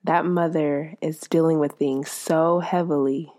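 Low, slow woman talking on her podcast, earnest and heartfelt. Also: steady tone, warm tone. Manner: earnest and heartfelt, speaking slowly. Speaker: podcast host. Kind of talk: personal podcast monologue.

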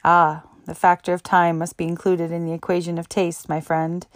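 A woman's voice: lowish voice, monotone, normal speed, no room sound, studio quality, natural voice. Woman doing a boyish, musing Italian man.

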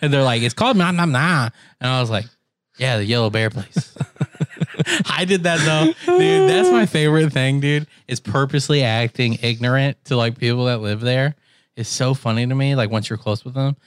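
A young man telling a story in casual chat, animated, laughing and mimicking other voices. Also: medium pitch, normal speed, no room sound, studio quality.

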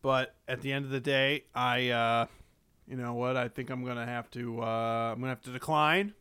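A young man co-hosting a casual movie podcast, chatting and cracking deadpan jokes. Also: mid-range voice, moderate pace, smooth. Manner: joking, deadpan bits. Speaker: podcast co-host. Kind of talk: casual chat.

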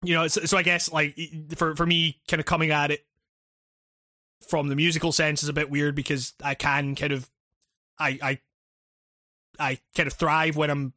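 A man with a bright, fairly high voice chats casually on a podcast. He rambles and restarts his thoughts, joking and laughing. The sound is dry and close. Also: dry recording. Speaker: podcast co-host reading listener questions. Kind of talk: casual chat.

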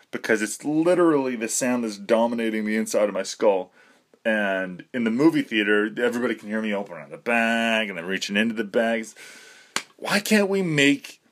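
Young man, rambling monologue, nervous laughter, slightly low voice, swears casually. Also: fairly bright tone.

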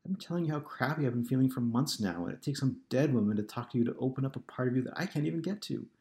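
A man's voice: fairly low pitch, fast, darkish tone, echoey room, close to an everyday voice. A man reading an audiobook, voicing an upset wife who pleads and accuses with a rising voice. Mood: tearful. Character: upset tearful wife, woman, exasperated. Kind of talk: audiobook character voice.

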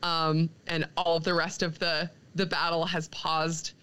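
A young woman co-hosting a podcast, recapping a comic in a casual, animated way, quoting the characters and laughing often. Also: sits low, unhurried, clean tone, poor audio. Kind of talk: casual chat.

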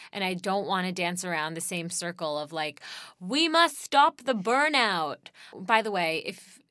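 A woman's voice: mid-range voice, sharp tone, no room sound, clean studio sound. A young woman hosting a podcast, thinking aloud in a rambling, conversational monologue with lots of fillers and the odd swear word. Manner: profane. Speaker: podcast host. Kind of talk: casual solo podcast monologue.

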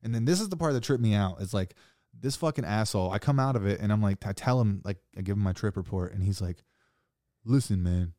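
A young man telling a wild story in casual chat, saying "like" a lot and swearing freely, getting animated. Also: fairly low pitch, fast talker, no echo, studio quality. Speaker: podcast guest.

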